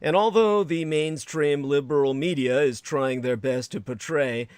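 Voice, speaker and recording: A man's voice: fairly high pitch, measured pace, a little mellow, clear, resonant tone, no room sound. A man hosting a livestream, rambling in sarcastic commentary with frequent laughter and crude asides. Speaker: livestream host.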